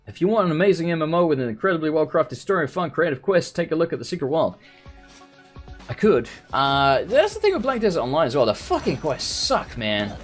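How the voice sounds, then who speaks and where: A man's voice: a little high, sing-song, a little fast, soft background music. A man giving casual gameplay commentary as a let's play host, rambling and ranting with sarcasm and plenty of swearing.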